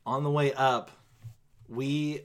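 A man's voice: medium pitch, fairly even intonation, slow pace. A young man, a musician co-hosting a casual podcast, telling stories and joking. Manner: chatty storyteller, joking.

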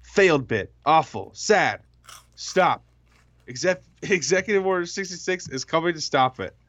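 A man's voice: on the high side, lively intonation, unhurried, fairly bright tone, highs cut off, pitched above the performer's own voice, full character voice. A man putting on a blustery older male politician, speaking in choppy, boastful one-word declarations. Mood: bombastic.

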